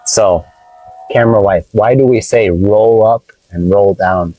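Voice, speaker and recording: A man teaching English vocabulary from inside his car, playful and explaining slowly with examples. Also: on the low side, dark tone, poor audio. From United States. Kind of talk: casual teaching vlog.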